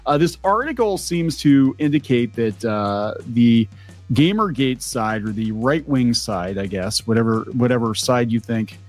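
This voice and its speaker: A middle-aged man hosts a casual commentary show in a voice people call cartoonish, sitting at an ordinary middle pitch. He rambles along in a chatty way, padding his points with fillers and restarts. Faint music plays softly behind him. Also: lively intonation, measured pace. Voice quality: cartoonish-sounding voice. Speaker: video commentary host.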